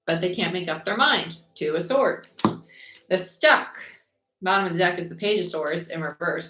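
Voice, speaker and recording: A woman with a lowish voice gives a live tarot reading in a chatty, quick way, running through the cards one after another. Her voice bounces around an echoey room, with a faint hiss underneath. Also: expressive. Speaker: tarot reader.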